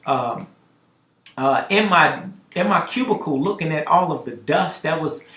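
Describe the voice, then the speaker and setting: Animated male storyteller in an echoey room. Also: a little slow. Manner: lively storyteller, swings loud and high for dramatic moments. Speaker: podcast host telling a story.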